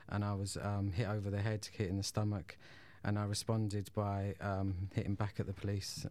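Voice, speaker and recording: A man's voice: fairly low pitch, a little mellow. A man who is a guest on a radio show, telling his own story hesitantly, with many ums and restarts. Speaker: guest, former prisoner. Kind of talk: radio interview, personal story.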